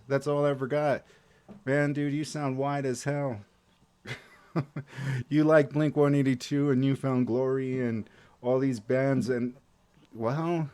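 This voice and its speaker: A man hosting a casual movie video, talking in loose, rambling sentences full of fillers. His voice sits on the low side. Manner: rambling, full of likes and you knows. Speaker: movie reaction video host.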